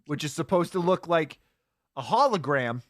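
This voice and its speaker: In a high-leaning, fairly bright voice, a man co-hosting a casual podcast animatedly recounts a bad movie, laughing frequently and saying "uh" a lot. He speaks at a moderate pace, and the studio sound is clean with no echo.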